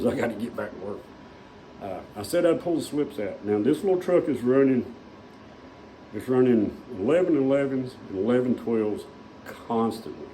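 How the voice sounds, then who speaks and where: A man's voice: on the low side, warm tone, a little hiss or hum, low-quality recording. A man, casually telling a rambling, folksy story full of fillers, as a vlogger in a small shop.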